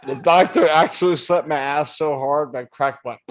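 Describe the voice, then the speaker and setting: A man's voice: fairly high pitch, normal speed. A man on a casual livestream panel who makes crude jokes and swears. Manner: crude jokey, laughs and swears. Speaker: panel member.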